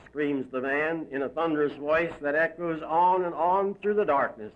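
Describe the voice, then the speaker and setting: A man's voice: on the high side, moderate pace. Dramatic male storyteller, dull recording. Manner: dramatic, emphatic.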